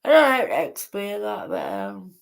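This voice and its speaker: A woman hosting a casual livestream chat, speaking haltingly and repeating herself. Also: mid-range voice, wildly swooping pitch. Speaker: livestream host.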